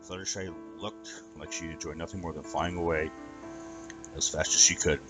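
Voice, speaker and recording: Low-voiced man reading a story. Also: normal speed, over music, poor audio. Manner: even storytelling read-aloud with some stumbles. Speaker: narrator. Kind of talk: fan fiction reading.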